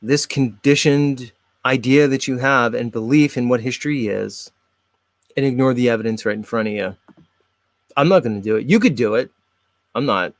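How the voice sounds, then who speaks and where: A man's voice: medium pitch, normal speed, dry recording. Chatty male host, dry close sound. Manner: chatty, rambling, talks straight to viewers. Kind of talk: casual commentary on videos.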